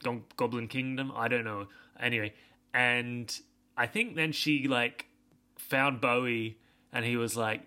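Young male podcast host, casual rambling recap, bright tone. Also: medium pitch, fairly even intonation, measured pace. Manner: rambling, sweary, self-deprecating.

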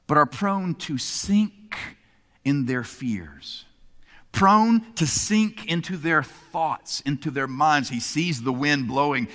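A man preaching a sermon, moving between emphatic lines and hushed ones. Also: a little high, long reverb tail. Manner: expressive, swinging between emphatic and hushed delivery. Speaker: pastor.

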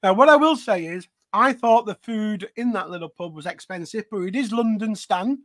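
A man co-hosts a live podcast in a hearty, enthusiastic style, full of pub-talk banter. His voice sits high for a man and sounds very dry and close, with no room sound. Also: normal speed, fairly bright tone, dry recording. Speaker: podcast co-host. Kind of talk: casual live podcast chat.

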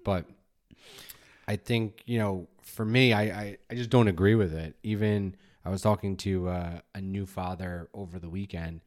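A man's voice: sits low, normal speed. A man in his forties co-hosting a podcast about fatherhood, telling stories casually and acting out his own scolding. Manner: animated storyteller, acts out his own scolding. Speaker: podcast co-host. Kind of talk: casual chat.

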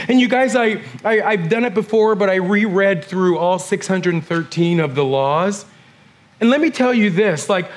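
Guy teaching the bible real casual, lots of "like", fairly high voice. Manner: chatty, filler-heavy, addresses listeners as "you guys".

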